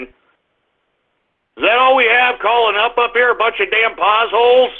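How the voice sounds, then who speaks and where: A man hosting a call-in radio show, ranting and cursing at callers with bursts of shouting. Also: very high-pitched, a little slow. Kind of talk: irreverent call-in radio rant. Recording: tinny phone-like radio audio.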